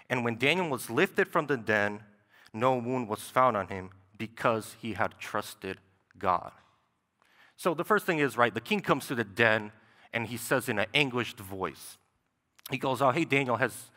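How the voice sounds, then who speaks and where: A man's voice: mid-range voice, sharp tone. A young man preaching a sermon in a church sanctuary, talking in a conversational way and often tossing in "right?". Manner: conversational, with frequent "right?" asides. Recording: long church hall reverb.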